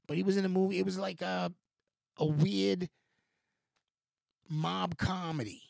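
A gravelly man rambling on a podcast. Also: high voice, fairly even intonation, a little slow, a little mellow, dry recording, studio quality. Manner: rambling, many restarts and fillers, swears, laughs often. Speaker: podcast host. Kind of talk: casual rambling commentary.

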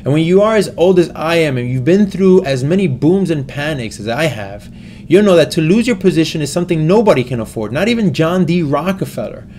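A man voicing a kindly, fatherly old male stock trader who speaks slowly and earnestly. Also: a little high, expressive, darkish tone, slight background noise, lightly acted. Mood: patient, firm.

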